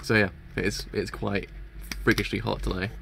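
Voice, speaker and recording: A man's voice: lowish voice, little pitch movement, normal speed, vocal fry, very noisy. A young man giving rambling, casual live reaction commentary, often correcting himself. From England. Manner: rambling, self-correcting chatter. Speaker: reaction streamer.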